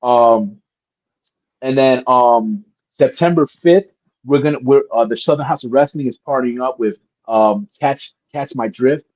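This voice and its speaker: Male interview guest, lively storyteller, mid-range voice, dry lo-fi call audio. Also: medium pitch, unhurried, dry recording. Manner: animated, acts out voices in his stories. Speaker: guest wrestler.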